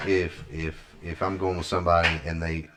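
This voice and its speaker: A man with a very low voice talks through his approach to training in a loose, easygoing chat. He rambles a little, peppering his sentences with "you know". It sounds like an unscripted podcast conversation. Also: flat delivery, normal speed, background noise. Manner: laid-back, rambling, frequent "you know". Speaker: jiu-jitsu instructor.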